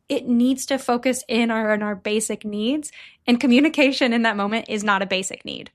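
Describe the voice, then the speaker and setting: A woman's voice: on the high side, moderate pace. A woman co-hosting a podcast, explaining in an earnest, casual way. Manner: earnest, explanatory, drops to a soft gentle voice at times. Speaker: podcast co-host. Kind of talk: casual chat.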